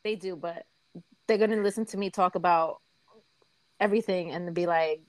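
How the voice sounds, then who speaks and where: A woman's voice: fairly low pitch, steady tone, normal speed, a little mellow, no echo, rough recording. A young woman with a Bronx accent, co-hosting a casual podcast from her home office, teasing and telling stories with mimicked voices. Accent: Bronx New York. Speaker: podcast co-host. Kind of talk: casual chat.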